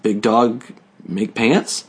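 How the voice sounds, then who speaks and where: Man doing a gruff big dog voice. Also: on the low side, fairly even intonation, drawn-out words, pitched below the performer's own voice, exaggerated voice. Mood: swaggering. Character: gruff low-voiced big dog mascot, male, swaggering.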